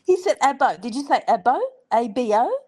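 A woman from Sydney with an Australian accent, co-hosting a casual comedy chat, exasperated and quick to swear. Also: animated, darkish tone. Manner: exasperated, swears freely, swooping pitch. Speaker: podcast co-host.

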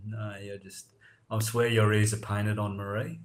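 A man's voice: lowish voice, flat delivery, moderate pace. A man with an Australian accent co-hosting a casual comedy chat, teasing drily and full of Aussie slang. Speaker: podcast co-host.

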